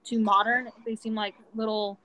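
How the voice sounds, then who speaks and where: A woman's voice: a little high, level tone, normal speed, sharp tone, low-quality recording. Blunt, profane young woman chatting. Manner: blunt, profane, many "like" fillers. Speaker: podcast co-host. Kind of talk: casual chat.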